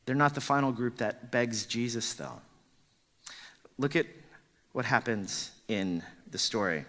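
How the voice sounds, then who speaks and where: A man's voice: mid-range voice, lively intonation, a little slow, fairly bright tone, long reverb tail. A man preaching a sermon as pastor, emphatic and full of rhetorical questions.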